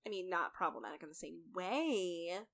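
A woman's voice: fairly low pitch, animated, normal speed, vocal fry, a crowd in the background. A woman co-hosting a podcast, chatting casually and emphatically about a reality show, swearing freely. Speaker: podcast co-host.

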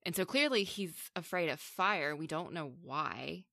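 A woman's voice: sits low, lively intonation, measured pace, gravelly, pushed and bright, dry recording, clean studio sound. A woman co-hosting a film discussion, talking casually and analytically, sometimes acting out characters' lines. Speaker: film review podcast co-host.

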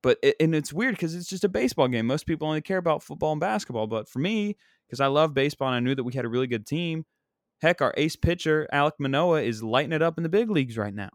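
A man's voice: fairly high pitch, lively intonation, quick pace, no echo. Casting: young comic, male, rambling exasperated rant, dry close mic. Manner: exasperated, rambling, self-deprecating. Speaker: comedian. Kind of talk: casual sports rant.

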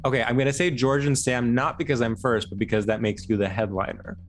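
A man co-hosting a comedy podcast, animated and giggly, trailing off into fillers. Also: medium pitch, quick pace. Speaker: podcast co-host. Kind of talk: casual comedic chat.

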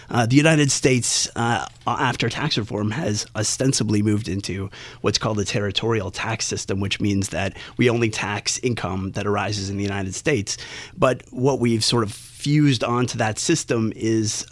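A man's voice: fairly low pitch, no echo. A man answering as a tax analyst guest in an interview, explaining at length with many fillers and restarts.

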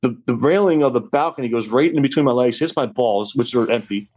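A young man races through a story in a loose, rambling way, leaning on fillers and restarts. His pitch sits in the middle, and the recording sounds dull and muffled. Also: brisk, darkish tone, husky. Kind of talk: casual storytelling.

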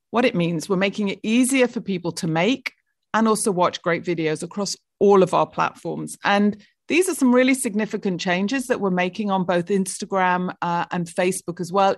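A British woman talking up her company's plans in a bright, polished executive manner. Her voice sits mid-range, recorded dry and close. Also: mid-range voice, dry recording. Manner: upbeat, polished business talk. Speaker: tech executive guest. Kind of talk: interview answers.

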